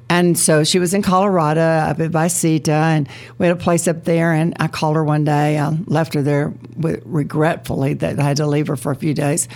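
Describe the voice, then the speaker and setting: An older woman hosting a casual chat, telling stories and quick to joke. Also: deep voice, flat delivery, darkish tone. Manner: chatty storyteller, quick to joke. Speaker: host.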